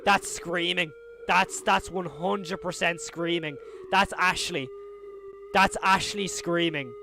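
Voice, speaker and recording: Excitable young man streaming live. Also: high voice, slow pace, slight background noise. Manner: chatty, rambling, easily excited.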